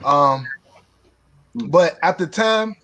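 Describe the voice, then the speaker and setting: A man's voice: fairly high pitch, expressive, drawn-out words, sharp tone. A middle-aged man from Pittsburgh, a former student, telling stories in casual chat and laughing often. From Pittsburgh, USA.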